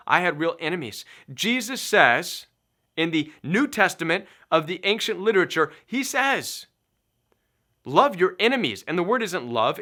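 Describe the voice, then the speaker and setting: A middle-aged man talks listeners through a self-help lesson in a bright, forceful voice that sits a little high. He is emphatic and preachy, hammering his points with repetition. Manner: emphatic, preachy, repeats key phrases. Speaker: recovery coach. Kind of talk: motivational self-help talk.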